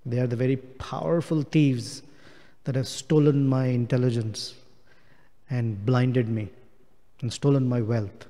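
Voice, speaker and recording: A man's voice: mid-range voice, fairly even intonation, unhurried, long pauses, mellow, big-room sound. A man giving a devotional scripture class, explaining a Sanskrit verse word by word. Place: temple hall.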